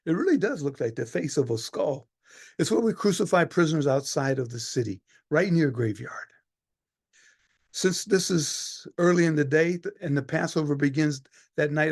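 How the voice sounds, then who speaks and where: A man as a gravelly, weary Roman centurion. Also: a little high, no room sound, clean studio sound. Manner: storytelling, swings from hushed to loud. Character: weary Roman centurion telling his story. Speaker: actor in a one-man play. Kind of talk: dramatic monologue.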